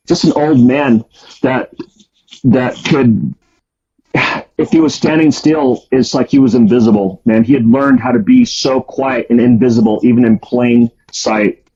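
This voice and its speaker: A man's voice: medium pitch, gravelly, dark tone, husky. A man casually telling a story about his past, with a rambling delivery full of fillers and restarts. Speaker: guest storyteller. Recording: dull lo-fi audio.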